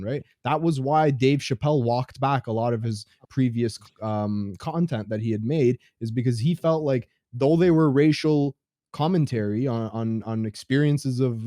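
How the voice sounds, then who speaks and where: Measured man weighing his words. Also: medium pitch, warm tone, dry recording, studio quality. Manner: measured, hedging with fillers. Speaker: debate participant. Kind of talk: online debate.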